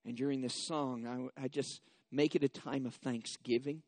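A pastor delivers a sermon slowly and deliberately, building to emphatic repetition and leading the congregation in reciting scripture. His mid-range voice is a little mellow with fairly even intonation, and there's no room sound.

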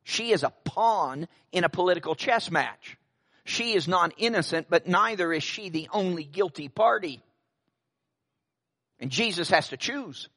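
A man's voice: high-pitched, expressive, measured pace, pushed and bright. A middle-aged male pastor preaching a sermon, telling stories with wry asides.

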